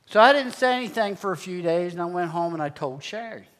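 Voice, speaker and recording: Folksy pastor man with a higher voice. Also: animated, fast talker, fairly bright tone. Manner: folksy, conversational storytelling. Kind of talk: sermon testimony.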